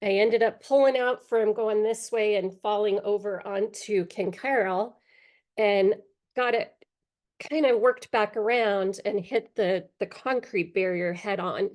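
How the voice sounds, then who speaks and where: A middle-aged woman, a guest in an interview, tells her own life story candidly and haltingly, with pauses and small fillers. Her voice is mid-pitched and slightly mellow, and she clears her throat now and then because of allergies.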